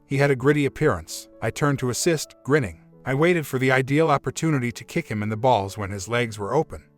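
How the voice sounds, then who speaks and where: Male narrator at medium pitch for a story channel, steady and plain, soft music underneath. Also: brisk. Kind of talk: scripted narration.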